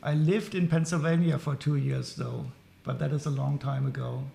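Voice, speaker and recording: A man with a German accent, chatting casually on a live stream while building Lego, halting and apologetic with many restarts. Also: medium pitch, steady tone, gravelly, dark tone, slight background noise.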